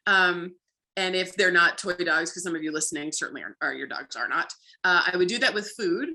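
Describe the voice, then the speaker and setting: A woman dog trainer, a guest explaining play with dogs in casual chat, lively and full of "like". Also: on the low side, brisk. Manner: lively, acts out playful bits with frequent "like".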